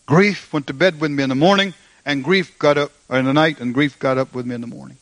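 A middle-aged man preaching a sermon and giving a personal testimony. He rises to fervent, high exclamations of praise and turns somber and slow when he tells of loss. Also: fairly even intonation, fairly bright tone, no echo. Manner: somber, slow storytelling when recounting grief.

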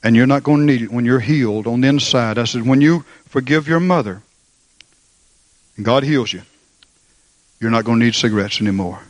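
A middle-aged male preacher delivering a sermon with a testimony, in a mid-pitched voice captured dry and close. His fervent praise climbs high with repeated exclamations, and he shifts into somber, measured storytelling for the sad parts. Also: no room sound. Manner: somber, slow storytelling when recounting grief.

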